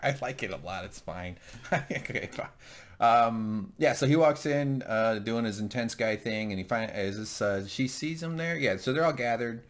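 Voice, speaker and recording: A man's voice: mid-range voice, moderate pace. A man co-hosting a casual show recap, joking and rambling with lots of fillers. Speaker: podcast co-host.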